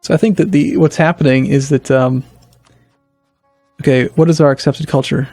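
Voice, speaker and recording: A man talks through a strategy game for his channel, reasoning aloud, stumbling over restarts, then perking up. His voice sits a little high, and the recording is dry and close. Soft game music plays underneath. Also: normal speed, no room sound. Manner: thinking aloud, hesitant restarts, bursts of excitement. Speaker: let's play host. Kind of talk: casual gameplay commentary.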